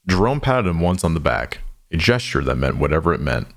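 A man with a deep, low voice narrates an audio drama, his pitch swinging widely. Still, his pacing is measured and somber as he dwells on each line.

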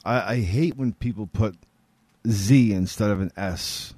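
A man's voice: lowish voice, a little slow, a little mellow, no echo. A man chatting casually, rambling with restarts and the odd curse. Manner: loose, rambling, with restarts and swearing. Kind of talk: casual podcast chat.

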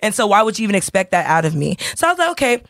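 A woman telling a story on a casual podcast, voicing everyone she quotes. Her pitch sits in the middle, and the recording is close and dry. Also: racing, no echo. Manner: animated storyteller, acts out quoted dialogue. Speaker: podcast co-host.

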